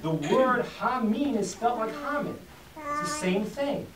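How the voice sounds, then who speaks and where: Animated speaker teaching in an echoey room. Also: medium pitch, measured pace, crowd noise. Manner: animated, acts out quotes and jokes with the room. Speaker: teacher of a class. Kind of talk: informal talk to a live audience. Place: room with a live audience. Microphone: distant from the mic. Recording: echoey room, distant mic, faint hiss.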